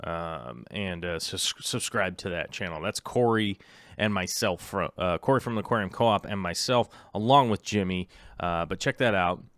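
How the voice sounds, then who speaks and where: A man's voice: deep voice, normal speed, a bit bright, dry recording, clean studio sound. A middle-aged man hosting a livestream in casual chat. He rambles with many ums and restarts and reads viewer comments aloud. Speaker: livestream host.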